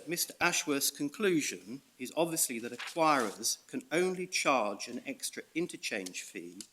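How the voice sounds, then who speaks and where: A British man arguing a case in court as a barrister, reading out evidence and stressing key words in a measured way. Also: mid-range voice, sharp tone. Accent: British English. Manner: measured, reads out evidence with emphasis. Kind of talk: courtroom legal argument.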